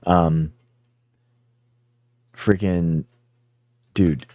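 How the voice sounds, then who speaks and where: A man hosts a livestream with a low, mellow voice, chatting loosely and rambling as he answers his viewers directly. The sound is dry and close, with no room echo. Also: steady tone, drawn-out words. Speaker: livestream host. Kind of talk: casual livestream chat with viewers.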